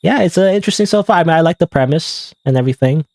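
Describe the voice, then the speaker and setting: A man's voice: a little high, expressive, very fast, vocal fry, darkish tone, dry recording. A man streaming a game live, giving casual, rambling, self-deprecating commentary full of "you know" and "I don't know.". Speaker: gaming streamer.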